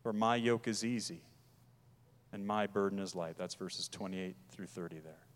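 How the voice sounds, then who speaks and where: A man preaching a sermon as pastor, emphatic, pressing his points hard and then dropping his voice low. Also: moderate pace, long reverb tail.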